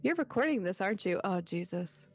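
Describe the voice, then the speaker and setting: A young woman streaming a game, reacting in a giggly, excitable, easily startled way. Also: mid-range voice, brisk, no room sound, faint music behind.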